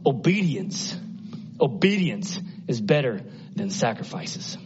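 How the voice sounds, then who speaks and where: Impassioned preacher, husky and lo-fi. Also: male voice, sing-song, slow pace, long pauses. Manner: impassioned, swinging from hushed to loud and high. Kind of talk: sermon.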